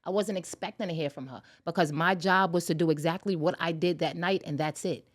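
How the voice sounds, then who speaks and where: A woman guest on a podcast, telling a personal story in casual chat and acting out the lines of the people in it. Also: fairly low pitch. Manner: animated, talks fast, acts out dialogue.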